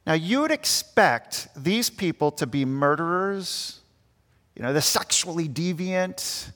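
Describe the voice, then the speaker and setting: A man's voice: fairly high pitch, expressive, takes it slowly, a bit bright. A young man preaching an earnest sermon as pastor, acting out the grumbling voices he quotes. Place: church. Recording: long church reverb.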